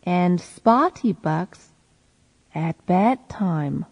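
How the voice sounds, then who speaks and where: A woman repeating a simple story phrase by phrase after a male reader, slowly and clearly, as a reading model for learners. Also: on the low side, lively intonation, a little mellow, lo-fi sound. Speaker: reading teacher. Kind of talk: slow read-aloud for learners to repeat.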